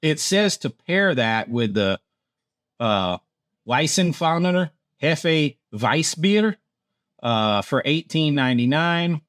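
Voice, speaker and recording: This Georgia man, a theme park vlogger, chats slowly through a food menu rundown, chuckling whenever he fumbles foreign words. His medium voice has lively intonation and a clear, resonant, slightly bright tone. It's studio quality with no echo.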